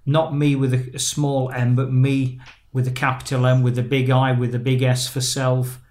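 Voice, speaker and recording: A man's voice: mid-range voice, monotone, normal speed, a little mellow. A man with a mid-range voice hosts a conversational interview. He talks thoughtfully, building his ideas in long winding phrases with emphatic turns. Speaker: interview host.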